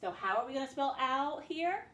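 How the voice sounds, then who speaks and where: A woman's voice: high-pitched, expressive, a bit bright. A woman teacher leading a phonics spelling lesson for children, sounding out each word patiently. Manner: slow, patient, sounds words out. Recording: echoey room, faint background noise.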